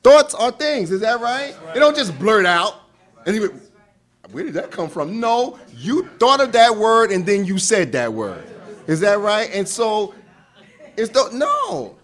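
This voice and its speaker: A man with a high, unhurried voice leads a relationship class in a casual lecture style. He's animated and laughs often, acting out quarrels and asking the room whether he's right.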